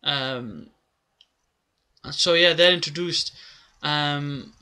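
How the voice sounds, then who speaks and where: A man's voice: on the high side, extremely slow, bright, forceful tone, clean tone. A man giving a casual, rambling recap of a comic chapter, with many filler words. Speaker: manga reviewer.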